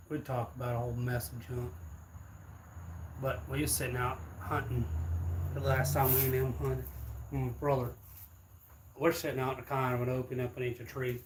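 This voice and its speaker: A man, telling a rambling, laughing story casually to his viewers. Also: mid-range voice. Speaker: streamer.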